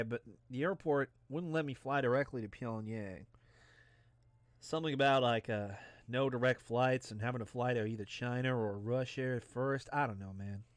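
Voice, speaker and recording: A man's voice: mid-range voice, no room sound. A tipsy man gives a rambling, profane and jokey let's play commentary. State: tipsy from drinking.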